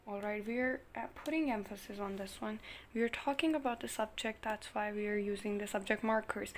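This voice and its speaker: A woman's voice: medium pitch, fairly even intonation, normal speed, a little hiss or hum. A woman giving a casual online grammar lesson at home, explaining patiently with lots of "like" and "basically" and repeating her example phrases. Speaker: language teacher.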